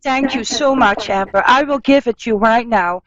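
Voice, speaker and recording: Soothing psychic radio host, woman, fairly high voice, dull dry sound. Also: crowd noise. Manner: soothing, slow, repeats caller's name. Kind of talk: live radio call-in healing session.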